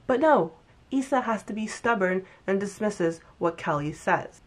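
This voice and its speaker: A young woman giving a casual, animated TV recap, chatting fast and acting out lines with exaggerated voices. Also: medium pitch. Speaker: TV recap vlogger. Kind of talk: casual commentary.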